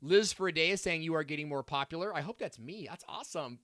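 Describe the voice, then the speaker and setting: A man's voice: on the high side, quick pace, pushed and bright, no echo, clean studio sound. A man hosting a live stream, reading out viewer comments and answering them in a chatty, upbeat way with lots of fillers and asides.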